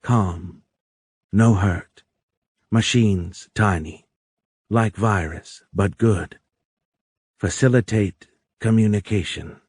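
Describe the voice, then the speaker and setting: A man's voice: lowish voice, slow pace, long pauses, darkish tone, husky, no echo, studio quality. A man voicing an alien being in a woman's form, who speaks in broken, mechanical sing-song phrases with a strange foreign lilt. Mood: calm, stilted.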